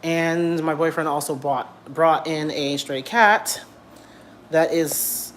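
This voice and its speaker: A young man vlogging from home in a casual rant, animated and blunt, repeating himself and swearing freely. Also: a little high, slow pace, slight background noise. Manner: animated, repetitive, blunt and profane.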